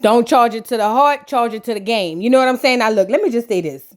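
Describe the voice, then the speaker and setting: Woman, high voice, sassy gossipy reviewer, casual reaction commentary. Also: quick pace. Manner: sassy, gossipy, slangy and animated. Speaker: reality TV reviewer.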